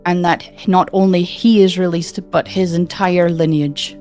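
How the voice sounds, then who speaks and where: A woman speaking as a player in a tabletop game, in a formal, measured in-character voice. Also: fairly low pitch, level tone, darkish tone, soft background music.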